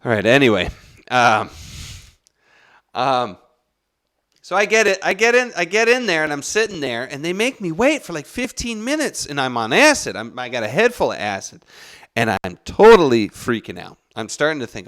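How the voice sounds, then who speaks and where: A man's voice: fairly high pitch, normal speed. Guy rambling thru a wild story, swears a lot, voice jumps all over. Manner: rambling, profane, animated, with restarts. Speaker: podcast host. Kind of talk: casual storytelling.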